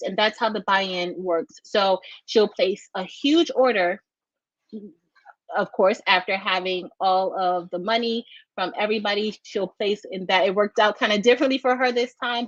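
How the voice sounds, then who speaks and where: A woman hosting a casual craft livestream, chatty, greeting viewers by name with bursts of high excitement. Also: no echo. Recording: dry, dull lo-fi sound.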